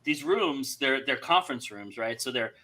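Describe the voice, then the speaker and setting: A man's voice: mid-range voice, lively intonation, normal speed, bright, forceful tone. A man hosting a casual live chat, teasing his guests and laughing often.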